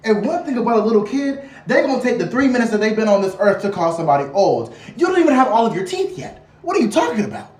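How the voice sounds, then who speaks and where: A young woman in her twenties sounds off in a dramatic, animated rant, tossing loud rhetorical questions and slang. She sits a little back from the mic, and the room adds a noticeable echo. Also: on the high side, fast, few pauses. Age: 20s. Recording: roomy, a bit far from the mic.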